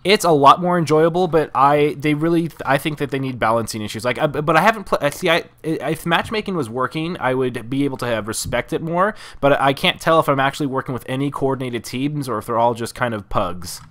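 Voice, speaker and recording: A young man talks over his gameplay on a headset, his voice sitting at an ordinary middle pitch. He rambles, restarts his sentences and trails off as he explains things to his teammates. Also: a little fast, hardly any pauses, pushed and bright. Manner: rambling, self-interrupting, trails off mid-sentence. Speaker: gamer recording gameplay. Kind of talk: casual gameplay commentary and voice chat.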